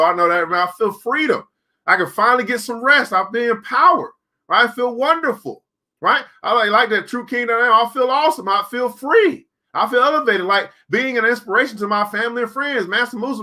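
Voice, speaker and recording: A man's voice: high-pitched, a little fast, pushed and bright. A man hosting a live online class, talking casually and preachily, reading out viewer comments. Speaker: host of a live crypto trading class stream. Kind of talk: casual live-stream talk.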